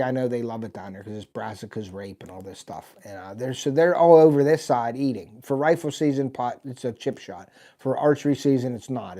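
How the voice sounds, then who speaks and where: A man's voice: medium pitch, dark tone. A middle-aged man, hosting a live stream and telling a long hunting story in a casual, rambling way with many "and, uh" fillers. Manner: rambling, folksy, lots of "and, uh". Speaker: host of a hunting channel.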